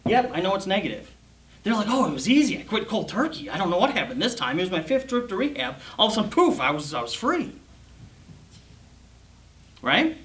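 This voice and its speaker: A man speaking as guest at a club party, telling sales stories and acting out the customers' lines. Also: high-pitched. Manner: animated storytelling, acting out customers' voices. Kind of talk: sales and mindset talk to a club audience.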